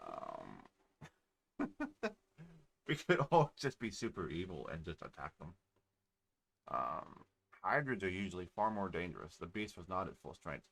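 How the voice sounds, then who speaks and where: A man's voice: low voice, big pitch swings, a little slow, vocal fry, pauses often, fairly bright tone, slight background noise. Offhand man playing a game. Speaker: game player. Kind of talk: casual let's-play commentary.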